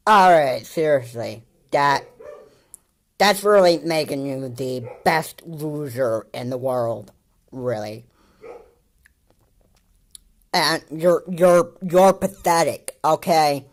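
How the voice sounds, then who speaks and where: A man's voice: a little high, animated, slow. A man giving casual, mocking commentary on a video, rambling with many fillers and restarts and laughing often.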